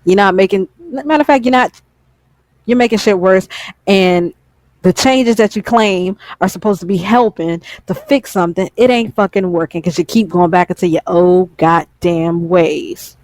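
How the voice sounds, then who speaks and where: A woman's voice: mid-range voice, normal speed, a little mellow, no room sound. A woman gaming YouTuber in a heated, profane ranting vlog, who keeps repeating lines for emphasis.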